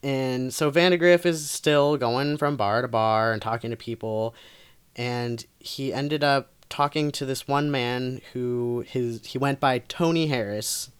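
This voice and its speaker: A woman's voice: a bass voice, unhurried, smooth. Laid-back woman telling a true crime story. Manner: laid-back, laughs often, lots of fillers. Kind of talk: casual storytelling chat.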